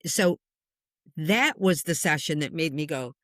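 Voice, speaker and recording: A woman's voice: low-pitched, measured pace, no room sound. Earnest woman medium, dry sound. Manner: earnest, passionate, animated retelling. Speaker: spiritual medium, guest. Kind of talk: conversational interview storytelling.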